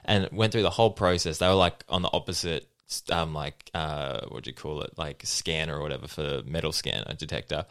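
Fast-talking deep-voiced young man. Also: vocal fry, a bit bright, no echo, clean studio sound. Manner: fast storytelling, acting out quoted people. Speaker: podcast host. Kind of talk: casual chat.

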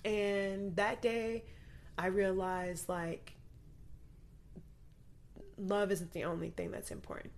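A woman's voice: mid-range voice, level tone, slow, long pauses. A woman guest recounting a frightening personal story, talking urgently with lots of fillers. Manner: urgent, vivid retelling with many fillers.

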